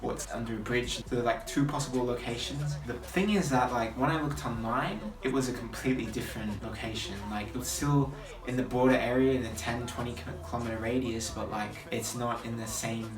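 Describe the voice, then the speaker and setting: A man's voice: mid-range voice, steady tone, a little fast, hardly any pauses. A man in his twenties from Australia, chatting to camera and thinking aloud in a casual vlog. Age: 20s. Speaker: footballer vlogger. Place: hotel room at night, indoors. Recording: roomy, distant camera audio with music.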